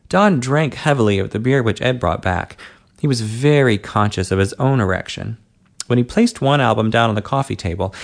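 A man with a mid-range voice narrates a story aloud. His reading is steady and measured, in an audiobook manner. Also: medium pitch.

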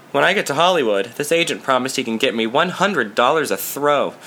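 A man voicing a frank, easygoing young male hustler in a soft, relaxed way in an audiobook. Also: mid-range voice, a little hiss or hum.

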